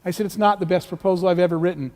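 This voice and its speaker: A middle-aged man with a high voice gives a motivational talk in a large hall, and his words ring with a long reverb. He tells his story with animation and acts out the other people's lines. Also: fairly even intonation, racing, darkish tone. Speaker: keynote speaker. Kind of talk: motivational speech.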